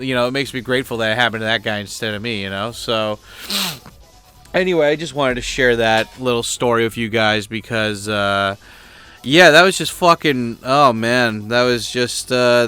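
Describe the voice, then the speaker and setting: A man's voice: mid-range voice, pushed and bright, smooth. A middle-aged man hosting a channel, venting in a rambling, blunt, crude way, full of fillers and restarts. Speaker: host. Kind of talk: casual venting monologue.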